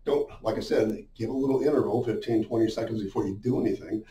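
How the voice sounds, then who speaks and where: A man's voice: fairly low pitch, fast. Man talking from across an echoey room. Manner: relaxed, many fillers, demonstrates gestures. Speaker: business speaker. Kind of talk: casual instructional talk. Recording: roomy echo, mic at a distance.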